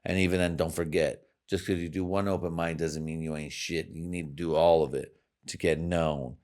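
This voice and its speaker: A man hosting a podcast, swearing through a crude, rambling monologue with sudden swings in loudness and pitch. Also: fairly even intonation, normal speed. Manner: loud swings in volume and pitch. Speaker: podcast host.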